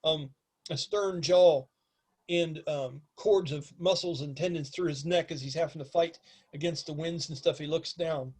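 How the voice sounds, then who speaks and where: A man's voice: on the high side, fairly even intonation, normal speed, a little mellow, slightly rough. A man narrating a tabletop game as game master, describing scenes with frequent ums.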